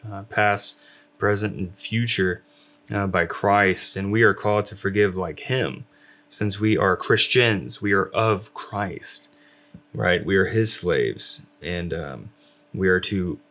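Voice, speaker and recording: A man talking casually about faith with his wife, rambling with lots of fillers and restarts. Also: low-pitched. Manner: rambling, many fillers, self-described loud.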